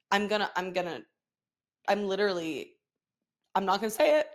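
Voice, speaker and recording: A woman's voice: on the high side, normal speed, pauses often, a bit bright. A woman, hosting a casual solo podcast, swearing freely, laughing often and mimicking her son. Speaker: podcast host.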